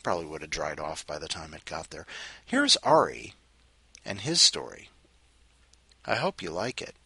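Husky-voiced man chatting to his cat. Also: rumbling low, sing-song, moderate pace, bright, forceful tone, no echo. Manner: rambling, playful, jokey asides. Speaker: podcast host. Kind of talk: casual chat, talking to his cat.

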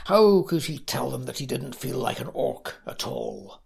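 A woman reads her own fantasy story with a lively, swooping voice. Her tone is gravelly and a little husky, and she takes it slowly. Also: a bass voice. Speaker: story contributor. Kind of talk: reading her own flash fiction.

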